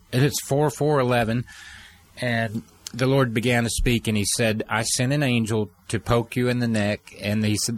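A middle-aged man telling an earnest personal story, with halting restarts and pauses. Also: mid-range voice. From United States. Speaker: speaker telling a personal testimony.

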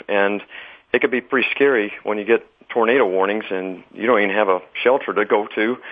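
Male guest, lowish voice, measured earnest delivery, heard over a tinny phone line. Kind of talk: religious talk show conversation.

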